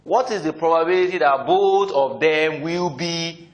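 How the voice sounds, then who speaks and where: A math teacher with a fairly high voice, speaking a little slowly, gives a classroom lecture on probability. He keeps asking the class "what?" and then answers his own questions. The room is echoey and his voice sounds slightly distant.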